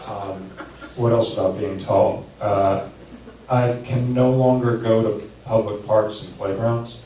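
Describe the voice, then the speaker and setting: A man in his thirties doing a stand-up comedy set, crude and self-deprecating with a deadpan delivery. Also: on the low side, slow pace. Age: 30s. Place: comedy club stage. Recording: echoey distant room recording with noise.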